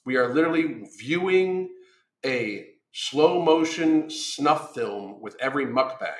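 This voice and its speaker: A man's voice: mid-range voice, expressive, measured pace, reverberant. A man who is a weight-loss coach, delivering a blunt, combative monologue full of swearing. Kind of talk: profane ranting monologue.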